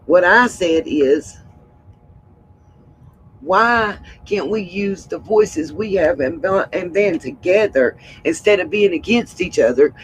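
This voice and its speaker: A woman hosting a livestream, hoarse and frustrated, who keeps repeating her points with emphasis. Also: mid-range voice, a little hiss or hum, poor audio. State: hoarse from hollering. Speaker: livestream host. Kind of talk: casual livestream talk.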